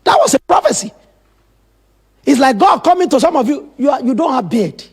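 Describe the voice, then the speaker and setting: A man's voice: extremely high pitch, sing-song, fairly quick. A man preaching a sermon as pastor, telling Bible stories with dramatic, emphatic asides.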